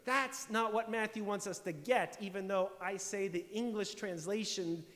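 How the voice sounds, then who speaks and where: Pastor guy preaching, pretty high voice, lots of church echo, emphatic and questioning. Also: moderate pace, a bit bright. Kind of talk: sermon. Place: church sanctuary.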